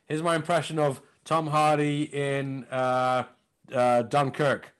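A stand-up comedian guests on a podcast, chatting casually in a medium-pitched voice that is slow, clear, and resonant. He's an animated storyteller who acts out other people's voices and does impressions.

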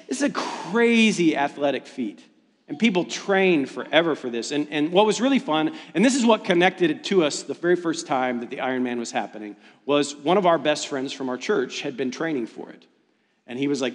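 A man preaching a sermon in a large hall, his voice ringing with long reverb. He talks in a lively, self-deprecating storytelling way, and his fairly high voice climbs higher when he gets excited. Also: moderate pace. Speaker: pastor.

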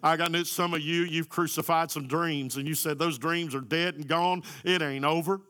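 A middle-aged man preaching a sermon as pastor, swinging from quiet storytelling to loud, climbing exhortation. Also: on the high side, fairly even intonation, moderate pace. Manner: builds from soft storytelling to loud, rising exhortation.

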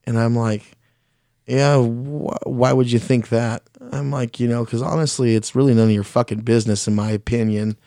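A man's voice: mid-range voice, steady tone, moderate pace, gravelly, warm tone, dry recording, clean studio sound. A man on a podcast telling a personal story in a casual way. He is blunt, swears constantly, mocks himself and often restarts his sentences. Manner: blunt, profane, self-deprecating, restarts often; speaks his mind plainly.

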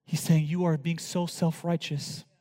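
A man preaching a sermon as pastor, swinging from loud emphatic lines to hushed near-whispers. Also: a little high, little pitch movement, unhurried, in a large hall.

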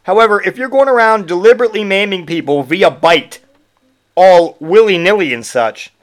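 A man with a notably high voice hosts a podcast in a mocking, foul-mouthed rant. His delivery is sarcastic and full of jokes at others' expense. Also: moderate pace. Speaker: podcast host. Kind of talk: comedic monologue rant.

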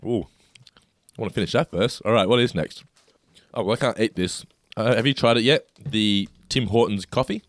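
Low-voiced man taste-testing snacks. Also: moderate pace, dry recording. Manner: enthusiastic, describes food while chewing. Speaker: co-host. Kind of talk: casual snack taste-test chat.

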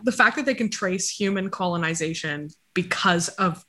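A woman's voice: on the low side, moderate pace, sharp tone. A woman chatting casually as she reads out her dog's DNA results, making jokey asides to her dog. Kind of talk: casual chat.

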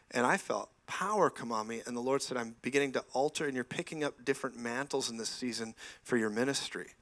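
A man in his forties delivers a lively sermon from a church stage, moving between personal stories and exclamations of praise. His voice is mid-pitched and he talks with enthusiasm, often breaking into laughter. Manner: enthusiastic, laughing asides, frequent praise interjections. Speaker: preacher. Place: church sanctuary.

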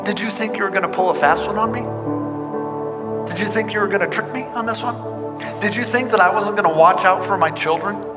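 Man doing God, amused and mocking, teasing questions, raised pitch, loud music behind. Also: fairly quick, natural voice. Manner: incredulous, teasing rhetorical questions. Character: God, amused and mocking toward raging nations. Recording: long hall reverb, loud music behind.

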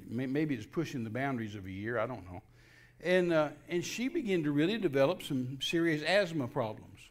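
Older guy, kinda high voice, folksy story, keeps restarting and acting out what folks said. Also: fairly quick. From Texas. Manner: folksy, repetitive restarts, animated quoting of dialogue. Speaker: guest minister. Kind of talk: personal testimony storytelling.

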